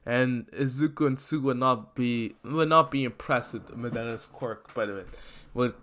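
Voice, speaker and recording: A man's voice: medium pitch, a little slow, fairly bright tone. A man casually narrating a made-up fan story, rambling and hesitant, with many fillers and restarts.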